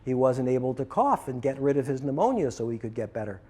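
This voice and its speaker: A man telling a personal story to trainees, lively and acting out both sides of the conversations he recounts. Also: medium pitch, fast. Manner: animated, acts out both sides of a dialogue. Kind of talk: storytelling talk.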